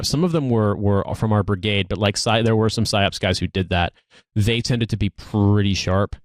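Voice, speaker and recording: A man in his thirties with a fairly low voice, co-hosting a casual podcast and spinning long rambling stories. He restarts sentences often and circles back on himself. The sound is dry and close. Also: dry recording. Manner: rambling storyteller, frequent restarts. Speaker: podcast co-host, army veteran.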